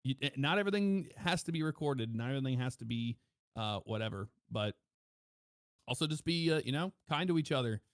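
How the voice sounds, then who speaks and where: A self-assured man talks shop in a relaxed chat, sometimes rushing his words. His voice is close and dry, tight on a dynamic studio mic with no room around it. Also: medium pitch, no echo. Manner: chatty, self-assured, talks fast in bursts. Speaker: guest streamer. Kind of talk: casual chat. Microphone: close dynamic mic with heavy EQ.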